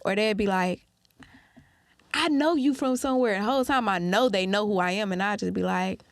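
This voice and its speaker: A young woman with a Detroit accent, chatting as an interview guest, animated and quick to laugh as she acts out what people say. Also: medium pitch, no room sound, studio quality. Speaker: guest musician. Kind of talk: casual interview chat.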